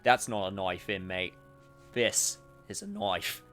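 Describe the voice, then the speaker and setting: A man reading a game's cocky young female prison warden in a mock Australian accent, loud and tough-sounding. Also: low-pitched, very animated, slow, soft background music, heavily acted. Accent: Australian, put on.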